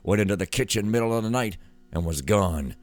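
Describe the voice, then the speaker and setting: A man's voice: fairly low pitch, lively intonation, brisk, faint music behind, lightly acted. A man reading out notes in the voice of a crooked male gang boss, coarse, bossy and threatening. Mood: gruff.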